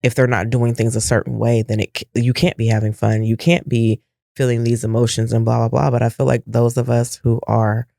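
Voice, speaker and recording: Gravelly middle-aged man, emphatic chat. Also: mid-range voice, darkish tone, no echo, clean studio sound. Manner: emphatic, reflective, rhetorical questions. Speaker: podcast co-host. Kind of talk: casual podcast chat.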